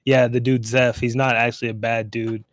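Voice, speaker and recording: A podcast co-host chatting casually, rambling with lots of fillers. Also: male voice, medium pitch, little pitch movement, moderate pace, no echo. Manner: rambling, fills gaps with "like" and "uh". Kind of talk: casual chat.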